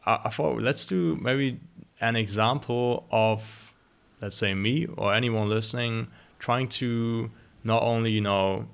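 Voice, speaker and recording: A man's voice: medium pitch, fairly even intonation, unhurried, gravelly, clear, resonant tone. A man from Germany with a German accent, hosting a casual podcast chat and talking hesitantly with many fillers.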